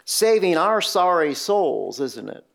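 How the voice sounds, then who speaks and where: High-voiced male preacher. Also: big pitch swings, takes it slowly, vocal fry, a bit bright. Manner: conversational, emphatic, asks rhetorical questions. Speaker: pastor. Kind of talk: expository sermon.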